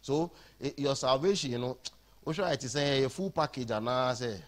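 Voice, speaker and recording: A man with a Ghanaian accent preaching an animated sermon in a church, switching between English and Twi. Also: medium pitch, moderate pace.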